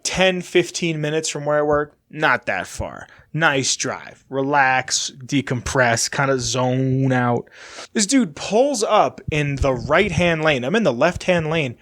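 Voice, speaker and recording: A young man co-hosting a podcast, chatting casually and telling a story with lively energy and plenty of swearing. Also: a little high. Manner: animated storytelling, swears freely. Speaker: podcast co-host. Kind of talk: casual chat.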